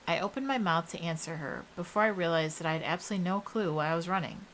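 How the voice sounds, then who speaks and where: A young woman reads a first-person horror story aloud in a steady, even storytelling voice. Her voice sits a little low, with a faint hiss behind it. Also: fast, hardly any pauses, low-quality recording. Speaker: narrator.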